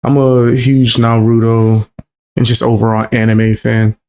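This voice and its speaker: Gravelly man giving blunt reaction commentary. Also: medium pitch, monotone, unhurried, darkish tone, slight background noise. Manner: blunt, profane, mocking. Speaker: streamer reacting to a clip.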